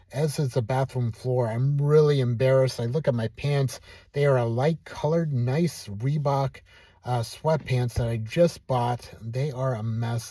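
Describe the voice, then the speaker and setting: A man calmly telling a self-deprecating personal story in a casual vlog. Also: medium pitch, no room sound. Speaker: vlogger.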